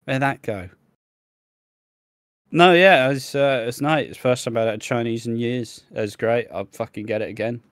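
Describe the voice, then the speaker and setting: A man's voice: mid-range voice, moderate pace, dry recording. A young man chats casually as a podcast co-host, telling rambling stories full of profanity and laughing at himself. His voice sits in a middling register. The sound is dry and close, with no room behind it. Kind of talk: casual chat.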